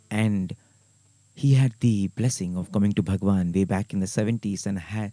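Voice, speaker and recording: A man hosting and announcing programs in an earnest, measured way. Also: lowish voice, dark tone, dry recording. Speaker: host.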